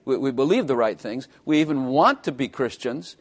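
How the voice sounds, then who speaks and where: Wry preacher joking from the pulpit. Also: male voice, medium pitch, lively intonation. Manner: wry, joking asides with quick bursts and drawn-out emphasis. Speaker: pastor. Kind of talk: sermon.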